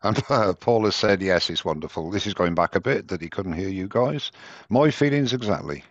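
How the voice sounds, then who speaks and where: A man's voice: deep voice, brisk, no room sound. A man hosting a live demo stream, chatting casually and joking at his own expense over a headset. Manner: chatty, self-mocking, rambling. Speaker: host of a live woodturning demo. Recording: dull, dry headset sound.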